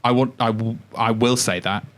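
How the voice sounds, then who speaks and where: A man's voice: mid-range voice, steady tone, moderate pace. A man in casual podcast chat, often restarting his sentences before landing on emphatic points. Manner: hesitant restarts, then emphatic. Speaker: podcast co-host.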